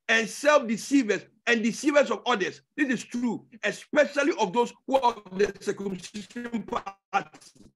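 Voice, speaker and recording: A man teaching a sermon as a pastor, emphatic and repetitive, with loud bursts and low asides and frequent rhetorical questions. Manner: asks rhetorical questions and checks in with the listeners.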